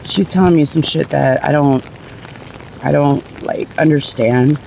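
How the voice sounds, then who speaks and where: A woman's voice: low voice, a little slow, gravelly, mellow, slight background noise, rough recording. A middle-aged woman telling her own story in a candid, rambling, blunt way, swearing casually. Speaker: vlogger sharing her cancer story.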